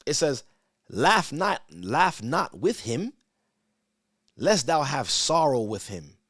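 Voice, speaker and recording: A man who is a church elder, teaching from the Bible in a casual, conversational way, asking rhetorical questions and reading verses slowly with emphasis. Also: mid-range voice, fairly bright tone, no room sound, studio quality. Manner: conversational, asks rhetorical "right?", stammers repeats.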